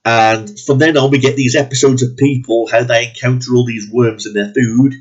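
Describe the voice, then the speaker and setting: A man's voice: medium pitch, fairly even intonation, moderate pace, husky. A man ranting bluntly and profanely in a movie review, sounding disgusted and exasperated. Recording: dull lo-fi recording.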